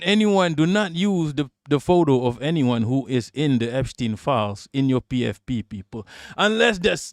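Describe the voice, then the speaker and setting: Male live-stream host, mid pitch, dry close sound, loose, profane and mocking, talks to chat. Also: no room sound. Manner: profane, mocking, chatting with viewers. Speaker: livestream host. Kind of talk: casual live-stream commentary.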